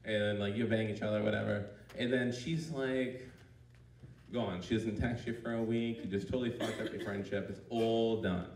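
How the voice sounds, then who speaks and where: A man's voice: on the low side, fairly even intonation, normal speed, a little mellow, slight background noise. A man doing a crude, rambling stand-up comedy routine on a club stage, full of "like" fillers. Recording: roomy, distant mic in a club.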